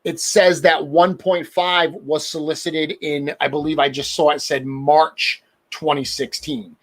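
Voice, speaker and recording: A man's voice: a little high, level tone, unhurried, fairly bright tone. New England man, chatty podcast host. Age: middle-aged. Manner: chatty, laughs at himself. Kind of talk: casual chat about toy collecting.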